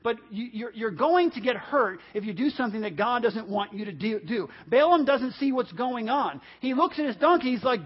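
A male pastor preaching a sermon, animated and storytelling, acting out the voices in the stories he tells. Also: very high voice, a little fast, hardly any pauses, slightly rough. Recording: dull lo-fi audio.

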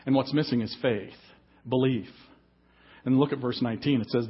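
A man's voice: mid-range voice, steady tone, normal speed, slightly rough, muffled recording. A man preaching an emphatic sermon as pastor at a church service. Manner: emphatic preaching, reads scripture aloud.

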